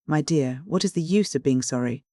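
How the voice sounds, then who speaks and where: A reader voicing a plump, shrewd elderly widow in an audiobook, brisk and businesslike under her gushing endearments. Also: mid-range voice, warm tone, no echo, clean studio sound, lightly acted. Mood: chatty. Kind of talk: audiobook dialogue reading.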